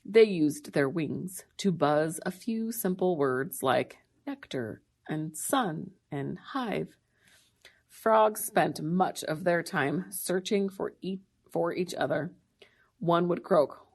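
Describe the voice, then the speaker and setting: A woman reading a children's novel aloud in a steady, plain manner. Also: deep voice, takes it slowly, vocal fry. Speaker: reader.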